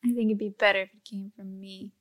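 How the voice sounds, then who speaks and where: A woman's voice: mid-range voice, level tone, quick pace. A woman narrating a tabletop game as game master, laughing often between lines.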